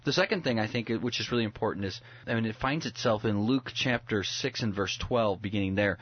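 A man's voice: on the low side, brisk, highs cut off, slight background noise. A man speaking as a pastor, explaining scripture earnestly in a conversational preaching style. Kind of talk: preaching on a talk show.

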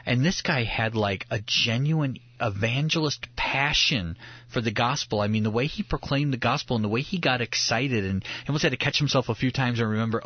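A man's voice: medium pitch, a little fast, husky, no echo, muffled recording. A man in casual conversation about faith, telling stories in an earnest way, often restarting his sentences. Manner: earnest, animated storytelling with restarts.

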